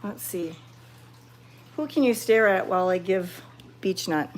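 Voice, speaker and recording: A woman chatting to her viewers while petting cats, excited and fond, cooing softly to the animals. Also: mid-range voice, measured pace, slight background noise. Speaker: cat sanctuary vlogger.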